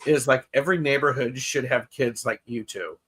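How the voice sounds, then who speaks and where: A man's voice: medium pitch, moderate pace, a bit bright, breathy edge. A man co-hosting a livestream, teasing his friend and reading viewer comments over a video call. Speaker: co-host. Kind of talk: casual livestream chat.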